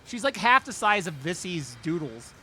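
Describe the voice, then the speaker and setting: Animated male streamer over game music. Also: sits high, normal speed. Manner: chatty, talks straight to viewers by name. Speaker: streamer playing a video game. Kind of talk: casual live-stream chat. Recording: game music playing under the voice.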